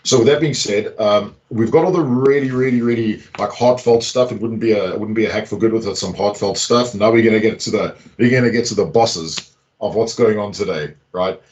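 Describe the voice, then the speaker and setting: Excitable man hosting a live online event. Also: lowish voice, fairly quick. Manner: excitable, jokey, chatty. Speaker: host. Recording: dull lo-fi call audio.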